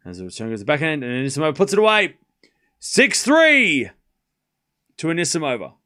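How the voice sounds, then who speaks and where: A man's voice: a little high, racing, smooth. A man with an accent hosting a live tennis watchalong stream, calling points play by play in short bursts and replying to chat. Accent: non-native English accent. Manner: calls points in short bursts, swings up excitedly on big points. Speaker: livestream tennis watchalong host. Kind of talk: live play-by-play scoring commentary mixed with chat replies.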